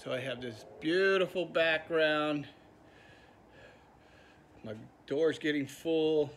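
A man recording a heartfelt, slightly halting birthday message in his garage. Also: on the high side, fairly bright tone, a little hiss or hum.

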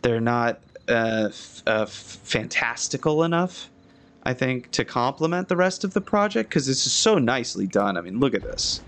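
A young man talks through a live gameplay session in an easy, conversational way, pointing out details of the buildings around him. His voice sits at an ordinary middle pitch, and he breaks into excited yelps when something surprises him. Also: moderate pace. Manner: chatty and excitable, with frequent restarts and sudden high exclamations. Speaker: architecture critic playing a video game.

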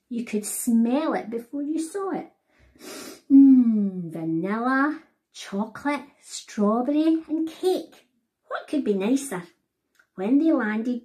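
A woman author reading her picture book aloud to children, animated and talking to them directly. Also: mid-range voice. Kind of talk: storybook read-aloud for children.

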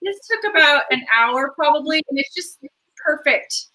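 A woman with a high, bright, ringing voice hosts a cooking show from her home kitchen. She rambles cheerfully and gushes over the ingredients as she cooks and talks. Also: animated, normal speed, low-quality recording. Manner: chatty, rambling, enthusiastic about food. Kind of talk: casual cooking chat.

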